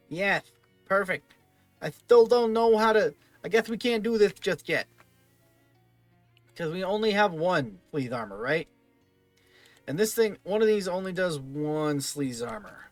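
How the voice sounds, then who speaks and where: A man's voice: sits high, no room sound. A man giving let's play commentary, thinking aloud and muttering through item lists. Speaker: gaming video host.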